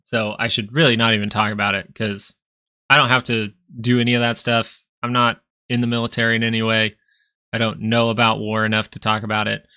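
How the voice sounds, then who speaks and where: Gravelly man hosting a casual market stream. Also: fairly low pitch, level tone, fairly quick, sharp tone. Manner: rambling, chatty, answers viewers directly. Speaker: stock market livestream host.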